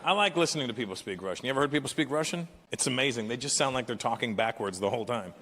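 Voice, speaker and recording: A man from Canada in his fifties, performing live stand-up with brash, animated storytelling. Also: medium pitch, very fast, slight background noise. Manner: animated, brash storytelling that jumps into character voices. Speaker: stand-up comedian. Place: large live venue. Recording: echoey hall with loud ambience.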